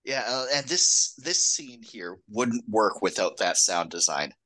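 Bright-voiced man, chatty podcast co-host. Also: lowish voice, expressive, measured pace, rough recording. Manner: laughs often, goes on tangents, restarts sentences. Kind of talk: casual film discussion.

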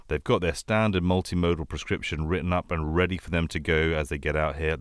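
A man co-hosting a casual podcast chat on clinical practice, speaking in animated bursts and rattling off lists. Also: low voice, smooth, dry recording, studio quality. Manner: animated, quick lists, rising excitement. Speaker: anesthesiologist podcast co-host.

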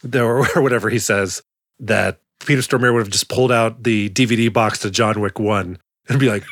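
A man's voice: lowish voice, steady tone, fairly quick, fairly bright tone, no echo, studio quality. A young man co-hosting a podcast in casual chat, rambling, correcting himself and laughing often. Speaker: podcast co-host.

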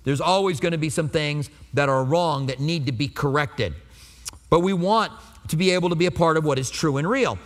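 Man pastor, high voice, sermon, chatty with rhetorical questions, long hall reverb. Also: normal speed. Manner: conversational, asks the congregation rhetorical questions.

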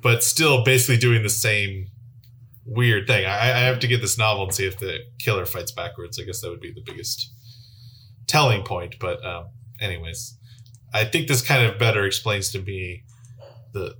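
A man's voice: on the low side, normal speed, bright, forceful tone, slight background noise. A man reviewing films on a podcast, thinking aloud in a musing way with many fillers. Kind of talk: casual chat.

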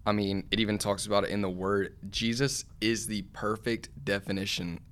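A man with a lowish voice talking about faith on a casual podcast. He gets animated as he goes and builds to fired-up emphasis. He speaks as a co-host answering his partner. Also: moderate pace, clean tone.

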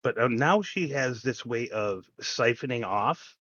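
Bright-voiced man recapping in casual chat. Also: mid-range voice, animated, a little slow, no room sound, dull audio. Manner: laughs easily and recaps plot plainly. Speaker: podcast co-host.

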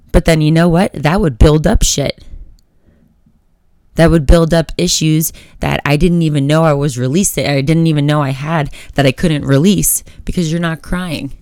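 A woman's voice: low voice, darkish tone, no room sound, clean studio sound. A young woman hosting a solo podcast, talking candidly and motivationally and swearing freely. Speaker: podcast host. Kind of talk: casual solo podcast talk.

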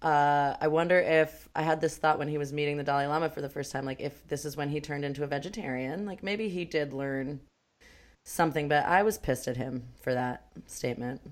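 Low-voiced woman chatting animatedly. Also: a little fast. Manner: animated, swearing, laughs often. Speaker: podcast co-host. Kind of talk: casual chat about a film.

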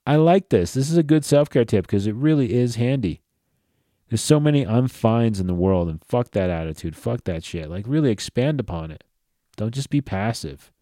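A man's voice: mid-range voice, lively intonation, normal speed, dark tone, dry recording, studio quality. A man hosting a casual solo podcast, talking bluntly and profanely in a loose, conversational way, sounding tired. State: tired, yawning. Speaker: podcast host.

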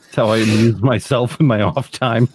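A man co-hosting a casual podcast chat, crude and defensive, swearing a lot and rushing through stories. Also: mid-range voice, fairly even intonation, darkish tone, breathy edge, no echo. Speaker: podcast co-host and editor.

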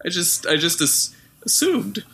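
A playful man in easy podcast banter, his voice bright and forceful. His pitch swings widely as he teases his co-hosts and keeps breaking into laughter. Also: big pitch swings, moderate pace. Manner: playful, teasing, laughs easily. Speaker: podcast co-host. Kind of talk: casual gaming chat.

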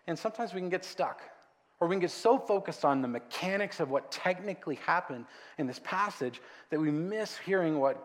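A man's voice: fairly high pitch, a bit bright, in a large hall. A man preaching a conversational sermon as a pastor, with joking asides.

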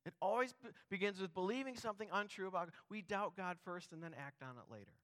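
A man's voice: high-pitched, fast, fairly bright tone. A man preaching a sermon as pastor, talking earnestly and conversationally, with many rhetorical questions to the congregation.

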